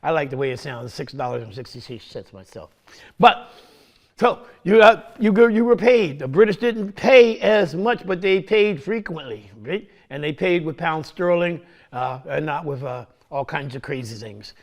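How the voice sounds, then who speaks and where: Gravelly man giving a lively history talk. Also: a little high, normal speed. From United States. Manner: conversational, acts out both sides with quoted voices, says "right?" often. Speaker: history presenter.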